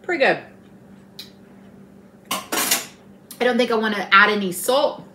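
A woman's voice: fairly high pitch, slow pace, noisy background. A middle-aged woman, hosting a casual home cooking demonstration in a chatty, folksy, teasing way. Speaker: home cooking channel host. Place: home kitchen.

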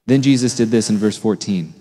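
A man preaching a sermon as a pastor, in a conversational, animated way, often asking his listeners questions. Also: fairly low pitch, fairly quick, big-room sound. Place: church sanctuary.

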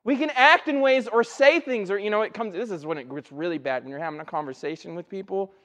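A man preaching a conversational sermon, telling folksy stories with animated energy. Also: high voice, fast talker. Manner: folksy, animated storytelling with rising excitement. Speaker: pastor. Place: church sanctuary. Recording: dull sound with long hall reverb.

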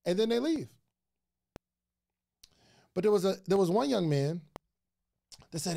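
A man hosting a casual livestream about podcasting, excitable and chatty, often repeating his phrases to the viewers. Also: high-pitched, a little slow, vocal fry, pauses often. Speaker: podcast host giving advice.

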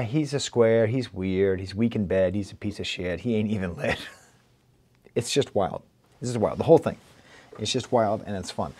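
A man with a Rochester, New York accent talks through a rap album in a loose, animated way. His voice is mellow and dark, and his pitch sits in an ordinary middle range. He recites lines and breaks down rhymes with playful energy. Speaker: music reviewer. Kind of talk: casual spoken album review.

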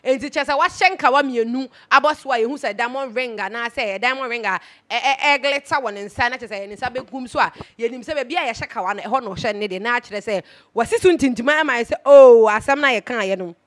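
A woman's voice: fairly high pitch, fast talker, fairly bright tone. A Ghanaian woman hosting a casual gossip commentary, chatty and emphatic, switching between Twi and English. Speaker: host.

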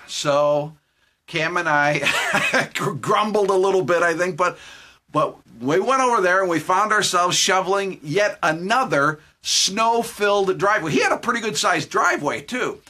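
A man telling a personal story on a live devotional video, joking and chuckling as he goes. His voice is bright and husky, sitting a little high and rising and falling a great deal. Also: expressive, a little slow. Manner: jokey, chuckling, conversational. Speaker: Christian devotional speaker.

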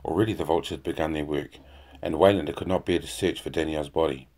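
A man with a very low, deep voice reads a fantasy novel aloud. His narration is steady and unhurried, and it stays even through grim scenes. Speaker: audiobook narrator. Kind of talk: fan reading of a fantasy novel.

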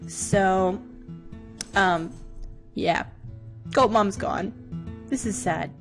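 A young woman commenting excitedly on a game she plays, gasping and reacting dramatically, with game music behind her. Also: medium pitch, extremely slow. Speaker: let's play gamer.

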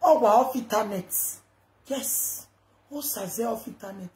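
A woman with a Nigerian accent ranting on a live video, loud and rambling, mixing Pidgin with local languages. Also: a little high, lively intonation, a little slow. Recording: echoey room with background noise.

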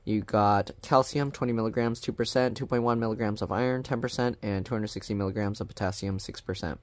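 A man casually reviewing a food product on his vlog, reading the label aloud in a plain, even way with chatty asides. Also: fairly low pitch, fast talker, no echo.

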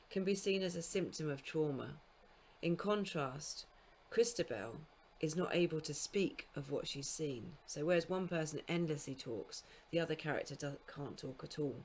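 A university lecturer with a deep, darkish voice records a literature lecture for school students. She explains things in a measured way, sometimes correcting herself mid-phrase, and reads scansion aloud in sing-song beats.

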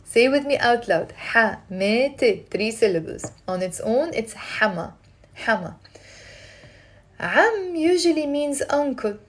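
A woman teaching Arabic live from her phone, lively and coaxing, repeating words for learners to drill. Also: a little high, measured pace. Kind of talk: live-streamed language lesson.

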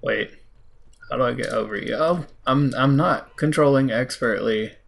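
An American man talks through his gameplay in a loose, chatty way, with a gravelly, fry-edged voice at a middle pitch. He teases himself, scolds the game and now and then jumps up into surprised high yelps. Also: normal speed. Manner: self-mocking, talks to the game, sudden high exclamations. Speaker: let's play host. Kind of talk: casual gameplay commentary.

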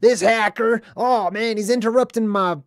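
Man voicing a loud, higher-pitched grumbler, whiny and cursing, irritated by TV interruptions. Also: moderate pace, no room sound, clean studio sound, lightly acted.

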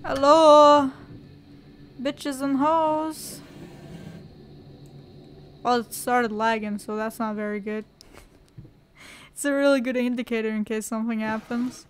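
High-voiced woman swearing through gameplay. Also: little pitch movement, moderate pace, a little hiss or hum. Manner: swears a lot, jokey and sarcastic. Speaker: let's play gamer. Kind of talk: horror gameplay commentary.

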